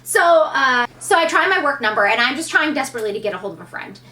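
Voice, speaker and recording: A woman in her thirties telling a personal story to camera in a candid, animated way, acting out what people said. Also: high voice, fast, far from the mic. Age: 30s. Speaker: vlogger.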